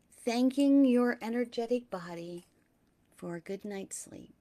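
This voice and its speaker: A middle-aged woman hosting a spiritual talk, speaking gently and sometimes dropping into a soft whisper. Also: fairly high pitch. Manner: slow, gentle, drops into soft whispers at times.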